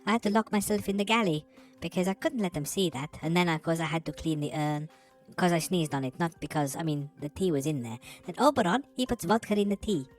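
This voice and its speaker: A woman's voice: fairly low pitch, fairly quick, faint music behind, close to an everyday voice. A woman voicing a small, earnest, fussy ship cleaner in a tabletop role-play, rambling and chatty with formal phrasing.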